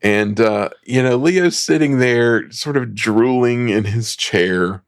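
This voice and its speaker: A man's voice: mid-range voice, slow, clean tone. A man co-hosting a film society show, chatty and laughing as he recaps the plot in a casual way. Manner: chatty, laughing, many ums.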